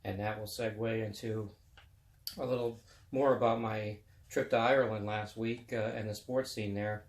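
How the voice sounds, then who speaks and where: A man's voice: on the low side, steady tone, moderate pace, roomy sound. A man in his fifties hosting a web chat show, talking about sports in a rambling, folksy, casual way. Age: 50s.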